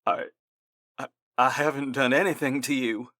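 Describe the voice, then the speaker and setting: A man voicing a terrified male soldier who stammers and pleads in a high voice. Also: fairly even intonation, moderate pace, pushed and bright, no room sound, clean studio sound, close to an everyday voice. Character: terrified male soldier begging for his life.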